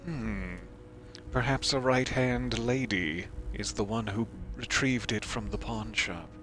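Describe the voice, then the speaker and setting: A man's voice: lowish voice, takes it slowly, a bit bright, soft background music. A man streaming a game, joking and reading the hero's lines aloud, slipping into mock panic. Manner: jokey, reads dialogue aloud, swings into mock panic. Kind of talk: casual gameplay commentary.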